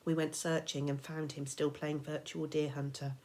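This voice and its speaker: A woman teacher reading a children's novel aloud, expressive and dramatic, sometimes dropping to a whisper. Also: low voice, moderate pace. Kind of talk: storybook read-aloud.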